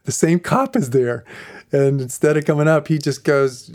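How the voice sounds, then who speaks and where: Animated storytelling pastor, a man. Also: a little high, normal speed. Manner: animated storyteller who acts out voices and laughs often. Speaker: pastor of a ministry. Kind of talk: storytelling ministry message.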